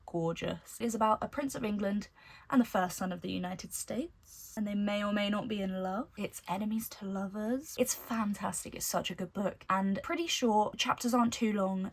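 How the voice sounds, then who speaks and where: A woman at an ordinary middle pitch talks casually to the camera as a book vlogger. She is chatty and gushing, full of enthusiasm.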